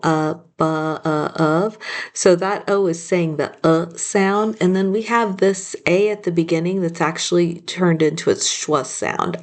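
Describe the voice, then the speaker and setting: A woman leads a phonics spelling lesson in a slow, patient way, stretching out each sound. Her voice sits a little low. She takes her time over every letter. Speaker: teacher.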